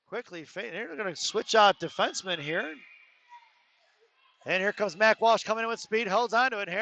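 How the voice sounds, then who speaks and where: High bright-voiced male hockey announcer. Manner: rapid-fire play calling with joking asides. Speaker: play-by-play announcer. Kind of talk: live hockey commentary. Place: ice arena. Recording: dull lo-fi arena stream with faint noise.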